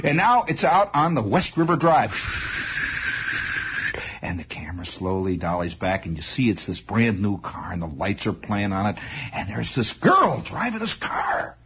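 A man doing a rambling comic monologue, animated, with restarts and vocal sound effects, on a dull lo-fi old recording. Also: medium pitch, normal speed, slight background noise. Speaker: comedian.

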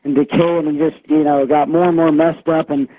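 A man's voice: on the high side, level tone, fairly quick. A man calling in to a radio show, telling a secondhand eerie story in a rambling way with lots of fillers. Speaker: caller. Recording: tinny phone line on radio.

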